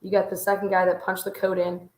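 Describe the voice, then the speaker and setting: A woman's voice: mid-range voice, completely flat delivery, fast, roomy sound. Woman host picking apart footage, level tone. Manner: analytical, pointing out details. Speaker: commentary show host. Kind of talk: case commentary over footage.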